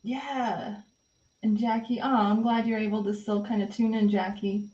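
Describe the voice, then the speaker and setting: Heard through slightly dull, lo-fi audio, an art live stream host chats as she works in pastels, responding to viewer comments with many fillers. Her fairly high voice has a dark tone, a steady delivery, and a moderate pace.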